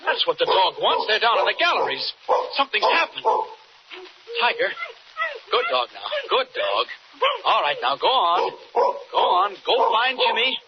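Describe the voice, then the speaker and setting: An actor playing a determined, heroic adult reporter who calls out loudly and urgently in a 1940s radio drama. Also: male voice, high-pitched, wildly swooping pitch, moderate pace, pauses often, a loud crowd, exaggerated voice. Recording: dull old radio recording with barking dog behind.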